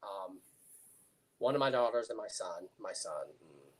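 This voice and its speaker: A man's voice: on the low side, slightly rough. A man in his forties telling personal stories in casual conversation, hesitant and full of fillers. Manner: slow, hesitant storytelling with many fillers.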